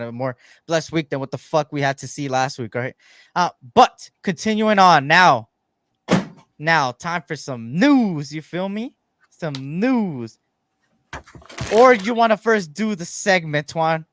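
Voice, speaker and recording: A man's voice: a little high, animated, normal speed, a bit bright, slight background noise. A man co-hosting a live fan sports show, chatting easily and greeting viewers in the chat.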